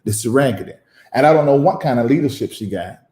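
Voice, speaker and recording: A man's voice: medium pitch, lively intonation, warm tone. Emphatic preaching man in an echoey room. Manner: emphatic, preachy, repeats phrases, long pauses. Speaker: preacher and online show host. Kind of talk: emotional live-stream commentary.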